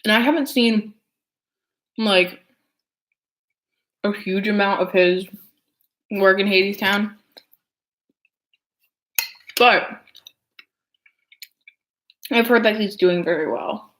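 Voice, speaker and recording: Her voice mid-range and a bit bright, a young adult woman vlogger takes it slowly and pauses often. She eats while chatting casually, rambling with heaps of filler words.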